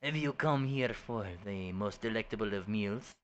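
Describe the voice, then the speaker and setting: A haughty griffin chef with a thick mock French accent, put on by a man. The voice sits fairly low and talks down to the customer with lofty disdain. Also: moderate pace, a bit bright, dull audio, lightly acted. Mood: grand. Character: snooty male griffin chef with mustache.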